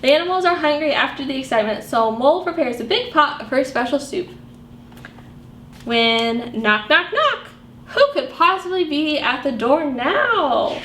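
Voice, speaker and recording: A woman librarian reading picture books aloud to young children, animated and sing-song, asking them questions as she goes. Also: high-pitched, moderate pace. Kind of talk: storytime read-aloud for children. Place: library room. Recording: echoey room with faint background noise.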